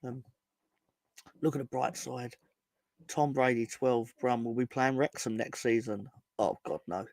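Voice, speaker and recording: A man's voice: mid-range voice, fairly even intonation, unhurried, long pauses, darkish tone, dry recording. A man co-hosting a casual football fan show, rambling and sardonic, swearing freely. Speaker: football podcast co-host.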